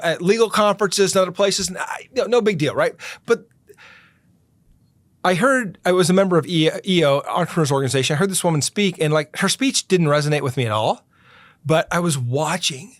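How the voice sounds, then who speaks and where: A middle-aged podcast host answers interview questions earnestly and emphatically, slowing down to stress his key points. His voice sits high with a fairly bright tone, and there's no room sound.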